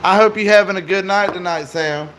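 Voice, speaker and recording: A man's voice: sits high, fairly quick, a bit bright, slight background noise. Profane, joking male livestreamer. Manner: profane, joking banter with viewers. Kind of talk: casual livestream chat.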